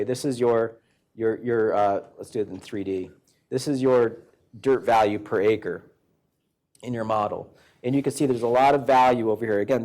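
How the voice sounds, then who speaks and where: A man's voice: mid-range voice, a little mellow. A man giving a public presentation to a local government board in a folksy, conversational way. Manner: folksy storyteller acting out quoted exchanges.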